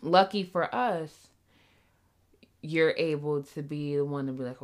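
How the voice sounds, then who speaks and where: Podcast co-host, woman, lower voice, lively storytelling, mimics her partner. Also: unhurried. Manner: animated, acts out her partner's voice. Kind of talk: casual couples chat.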